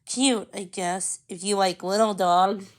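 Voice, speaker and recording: A woman's voice: medium pitch, steady tone, takes it slowly, lightly acted. A woman reading aloud and voicing a know-it-all young girl in a storybook, unimpressed and lecturing.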